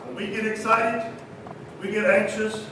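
A man preaching a sermon, dramatic and swinging between loud calls and hushed asides. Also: sits high, level tone, a little slow, background noise. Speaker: pastor. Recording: echoey hall from far off.

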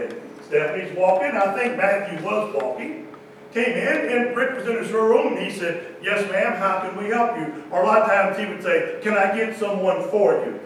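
A man telling a humorous story to a church audience in a folksy, animated way. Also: high voice, a little hiss or hum. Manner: folksy, animated, Southern-style "y'all" talk with quoted voices. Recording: echoey hall, distant mic.

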